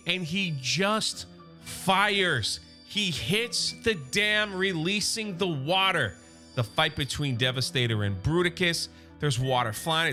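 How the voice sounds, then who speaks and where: A man casually recapping a comic book story for his channel, excitable and loose, with quick asides. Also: sits high.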